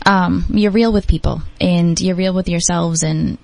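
A woman on a casual podcast, bashful and quick to laugh. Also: on the low side, steady tone, vocal fry, a little mellow, no room sound.

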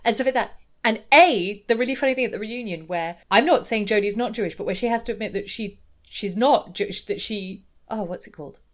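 A woman co-hosting a podcast, talking casually with lots of fillers and quick impressions. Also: medium pitch. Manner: chatty, many fillers, does quick impressions. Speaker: podcast co-host. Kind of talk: casual chat.

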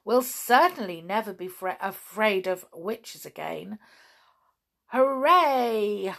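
A woman voicing a crowd of excited little pixies in a high, squealing chant. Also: a little slow, vocal fry. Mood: gleeful. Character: excited tiny chirping pixies, a merry crowd.

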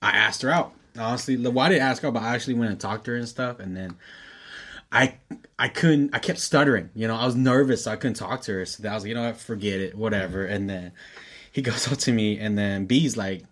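Guy with a husky bright voice telling a story to his buddy, laughing a lot. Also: medium pitch, a little fast. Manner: laughs a lot, quotes friends in a raised voice. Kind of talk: casual storytelling chat.

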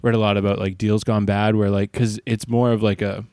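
A man, a comedian co-hosting a casual chat, halting with lots of fillers and deadpan jokes. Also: on the low side, no room sound, studio quality. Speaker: podcast co-host, comedian.

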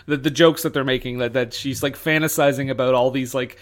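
A man's voice: mid-range voice, steady tone, fairly quick. A man co-hosting a podcast, rambling through a casual chat about an old film with lots of fillers. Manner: rambling, many fillers and laughs. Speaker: podcast co-host.

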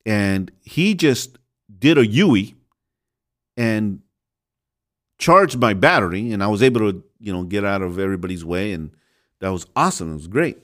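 A man with a lowish voice gives a casual, conversational sermon. He rambles and restarts his sentences, chuckling as he goes, and speaks straight to his listeners. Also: animated, normal speed, long pauses, a bit bright. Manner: rambling, self-interrupting, chuckles, addresses listeners as folks. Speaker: podcast host preaching.

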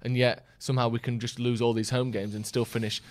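A man's voice: medium pitch, little pitch movement, fast. A man hosting a casual football podcast, reading out viewer comments and chatting in a jokey way. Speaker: podcast host.

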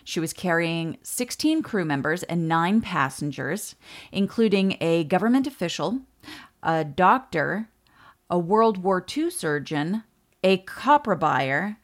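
A woman co-hosting a podcast, telling a history story in a relaxed way with quick asides. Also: lowish voice. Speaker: podcast co-host. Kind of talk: storytelling chat.

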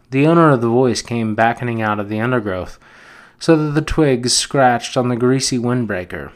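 A man, a podcast host, reading a novel aloud in a steady, measured narration. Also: mid-range voice. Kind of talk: audiobook narration.

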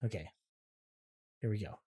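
A man's voice: normal speed, noisy background. A man co-hosting a casual podcast, rambling and trailing off. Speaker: podcast co-host. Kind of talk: casual chat.

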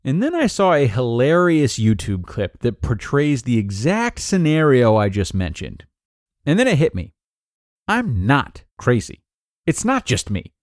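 A man's voice: mid-range voice, very animated, unhurried, no room sound, studio quality. A man hosting a podcast, reading a parenting article aloud and acting out the quoted lines. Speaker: podcast host and narrator.

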